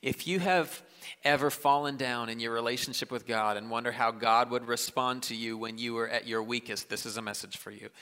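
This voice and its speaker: A man in his thirties preaching a sermon in a large church, conversational and self-deprecating, with quick asides and restarts. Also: mid-range voice, fairly even intonation, bright, forceful tone, clean tone. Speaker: pastor. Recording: live church hall with long reverb.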